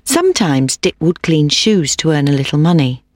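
Storybook narrator, mid pitch, steady, dry close sound. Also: normal speed, no echo.

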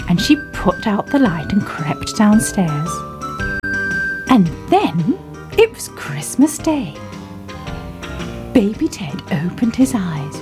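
A woman reading a children's Christmas story aloud, slowly and gently, with playful squeaky voices for the little bears. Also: big pitch swings. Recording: soft music behind the reading.

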